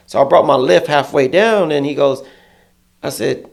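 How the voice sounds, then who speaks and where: A man's voice: fairly high pitch, fairly quick, creaky. A man, an interview guest, telling a story in casual, profane speech and acting out other people's lines in a raised, heated voice. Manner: acts out quotes in a raised, heated voice. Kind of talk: animated storytelling.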